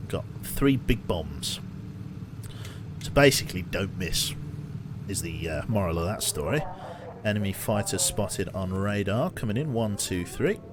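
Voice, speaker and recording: A man's voice: low voice, background noise. Chatty male game streamer. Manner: chatty, thinks aloud, talks to chat. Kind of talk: casual live-stream commentary.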